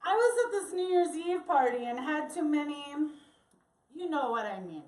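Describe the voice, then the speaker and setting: A brash, teasing young Mexican man, as a woman storyteller puts him on, pitched high and swooping all over as he wisecracks. His jokes bounce around an echoey church hall, heard from some distance off the mic. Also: very animated, moderate pace, darkish tone. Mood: boastful.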